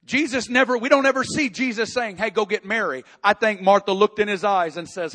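A man preaching a sermon, reading scripture and building to impassioned, near-shouted prayer. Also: high voice, brisk, hardly any pauses. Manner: impassioned preaching, rising to shouts in emotional passages. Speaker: pastor.

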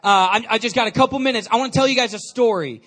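Man, high voice, youth speaker, lively storytelling sermon, talks straight to the audience. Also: fast. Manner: energetic, chatty, engages the crowd with questions.

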